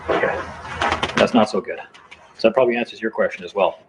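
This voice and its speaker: A man's voice: fairly low pitch, fast talker. A man telling a heated, defiant story in a casual late-night chat, swearing freely. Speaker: live stream participant. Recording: dull lo-fi sound with faint noise.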